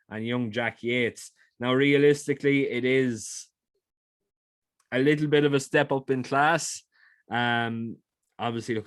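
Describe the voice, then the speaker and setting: A man's voice: medium pitch, no room sound, clean studio sound. A man giving horse racing tips in a casual, chatty way, often repeating words for emphasis and restarting phrases.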